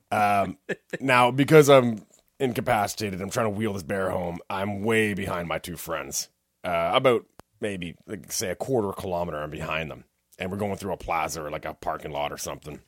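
A man with a fairly low voice tells a long, rambling story in casual conversation. He swears freely and acts out what people said as he goes. The sound is dry and close, with no room echo. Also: moderate pace. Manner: rambling, profane, acts out quotes. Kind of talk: casual chat, telling a story.

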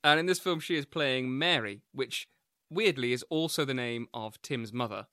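A man co-hosting a podcast, giving steady, lightly wry plot recaps of films. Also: mid-range voice, moderate pace, no room sound, studio quality. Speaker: podcast co-host.

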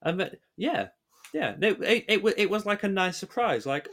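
A man with a bright-ish, expressive, higher voice co-hosts a podcast at normal speed. Chatting casually, he rambles through his thoughts, hesitating frequently and beginning sentences over.

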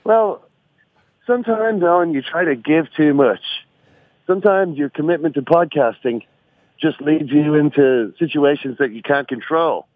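A man's voice: a little high, moderate pace, no echo. An Irish man calls in from an airport and spins a rueful anecdote at his own expense. His voice comes through a thin, tinny phone line with no room around it. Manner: wry, self-mocking storyteller. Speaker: podcast regular calling in from an airport. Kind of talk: casual phone-in storytelling.

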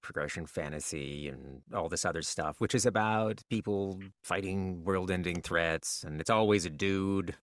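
Deep-voiced male author guest, laid-back and wry, dry close sound. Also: no echo. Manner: relaxed, self-deprecating, joking. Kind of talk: casual interview chat.

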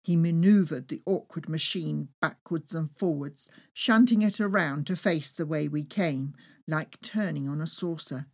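A woman reading her own travel memoir aloud with lively, expressive storytelling. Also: low voice, unhurried. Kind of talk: first-person memoir reading.

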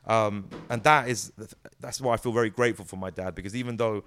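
A man, a guest chatting in an interview, telling animated stories with restarts and bursts of impressions. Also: fairly low pitch, fast talker, smooth, soft background music. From United Kingdom. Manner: animated storyteller, breaks into impressions, many restarts. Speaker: interview guest, comedic actor. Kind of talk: casual conversational interview.

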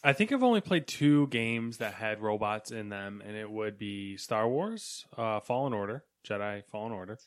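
A man's voice: lowish voice, lively intonation, normal speed, hardly any pauses, smooth, no echo, clean studio sound. Laid-back man co-hosting a chat. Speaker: podcast co-host. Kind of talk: casual chat.

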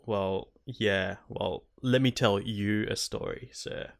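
A man's voice: fairly low pitch, fairly even intonation, slow, creaky. A young man co-hosting a gaming podcast, joking and reacting casually with plenty of swearing. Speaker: podcast co-host.

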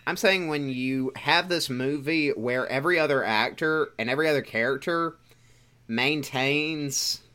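Bright-voiced, opinionated man. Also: mid-range voice, clear, resonant tone. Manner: opinionated, argumentative. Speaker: podcast co-host. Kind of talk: casual chat.

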